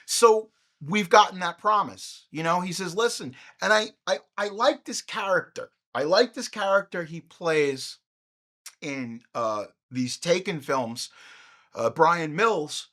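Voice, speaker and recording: A man hosting a podcast, riffing through a profane, comedic movie retrospective with animated jokes. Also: high-pitched, measured pace. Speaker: podcast host.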